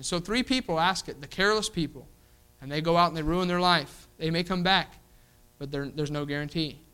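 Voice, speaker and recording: A man with a high, sharp, clean-toned voice preaches emphatically and repetitively to his church, though the audio quality is poor. He often hooks the congregation with "you know what?" and acts out quoted voices.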